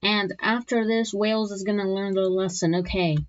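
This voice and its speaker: A woman's voice: mid-range voice, steady tone, normal speed. A woman narrating a map scenario in a casual, rambling way, full of restarts and jokey asides, in a dull lo-fi recording.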